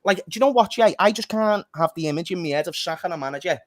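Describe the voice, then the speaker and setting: A fired-up man holds forth on football and swears without a second thought. His voice sits fairly high, and the sound is dry and close with little room echo. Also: lively intonation, fast talker. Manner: passionate, ranting, swears freely. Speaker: fan channel co-host. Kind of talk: heated football fan chat.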